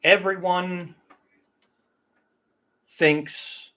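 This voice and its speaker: A man's voice: sits high, steady tone, drawn-out words, fairly bright tone. A man hosting a casual livestream, talking in an opinionated, emphatic way about getting pronunciation right. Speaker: livestream host.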